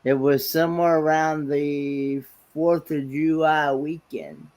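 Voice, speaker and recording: A man's voice: a little high, animated, takes it slowly, darkish tone. A man, a trivia contestant who hesitates and searches for his words. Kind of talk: casual livestream trivia chat.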